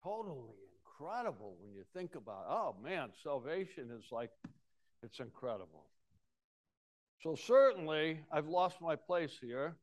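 A man preaching a folksy sermon, acting out Bible scenes with sudden swings from loud to hushed. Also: on the high side, sing-song, measured pace. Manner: folksy storytelling, acting out voices with big swings of loudness. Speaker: pastor.

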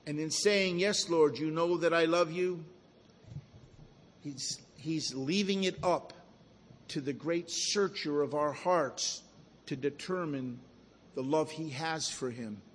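A man preaching a sermon with slow, emphatic delivery that often sinks to a hush for effect. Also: a little high, in a large hall, slight background noise.

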